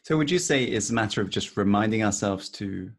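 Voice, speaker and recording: A man's voice: fairly low pitch, animated, a little fast, slightly rough. Distant-sounding tentative male interviewer. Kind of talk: interview questions.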